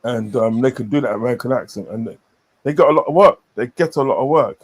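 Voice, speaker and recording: A man's voice: medium pitch, quick pace. A man chatting casually on a stream, rambling with many fillers and repeated phrases. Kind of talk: casual chat.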